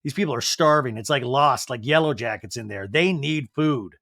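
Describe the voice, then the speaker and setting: A man hosting a podcast, recapping a show in a jokey, animated way and acting out quotes. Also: mid-range voice, moderate pace, creaky, no echo, studio quality. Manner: animated, jokey, acts out quotes in different voices. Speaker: podcast host. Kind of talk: casual recap commentary.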